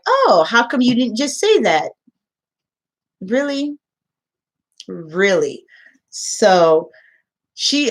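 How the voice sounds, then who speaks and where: A woman who tutors English online, telling a story to camera in casual chat and acting out the quotes. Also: lowish voice. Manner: emotional storytelling, acts out quotes.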